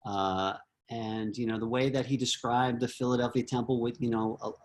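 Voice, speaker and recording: A man's voice: mid-range voice, little pitch movement, normal speed. A man on a video call, earnestly telling a personal memory with many fillers and restarts. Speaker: disciple giving homage.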